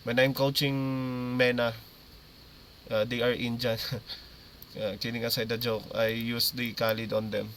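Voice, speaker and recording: A man's voice: mid-range voice, little pitch movement, a little slow, fairly bright tone, slight background noise. Man coaching his team. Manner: instructive, repeats key terms, checks in with listeners. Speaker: esports coach. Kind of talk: team meeting briefing.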